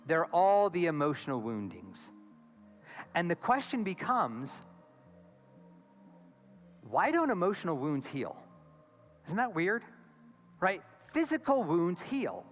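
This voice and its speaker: A man giving a conference keynote as a therapist, animated and acting out quoted voices, on a stage mic in a large hall. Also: high voice. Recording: long hall reverb with faint music.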